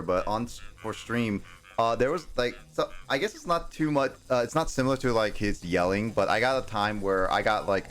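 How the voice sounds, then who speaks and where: A man in his twenties chatting on a gaming livestream, talking in a rambling, halting way full of fillers. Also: fairly low pitch, a bit bright. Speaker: streamer. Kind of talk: casual chat on a gaming livestream. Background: faint game music.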